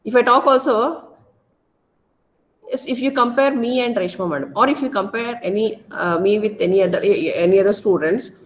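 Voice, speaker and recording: A woman lecturer with an Indian English accent from Karnataka, giving a loud, repetitive classroom lecture full of tag questions. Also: medium pitch, moderate pace, a little hiss or hum. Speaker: college lecturer.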